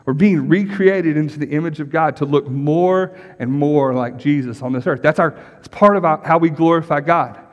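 A middle-aged man delivers a sermon as a pastor, his voice sitting a little higher than most men's. He talks in an easy, conversational way, often asking the congregation questions and tagging lines with a quick check-in. The sound carries a long reverb from the church hall. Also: lo-fi sound. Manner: conversational, asks the congregation questions and repeats "right?".

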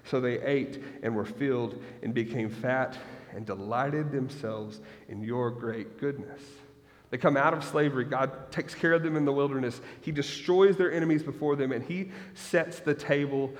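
Man preaching in a reverberant hall. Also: mid-range voice. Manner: reads scripture then breaks into lively asides. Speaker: pastor. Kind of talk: sermon with scripture reading.

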